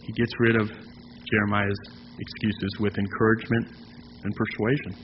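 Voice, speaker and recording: Lower-voiced preacher in an echoing hall. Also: male voice, level tone, noisy background. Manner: conversational preaching with frequent pauses and restarts. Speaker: pastor. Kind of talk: sermon. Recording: long hall reverb, dull sound, faint ambience.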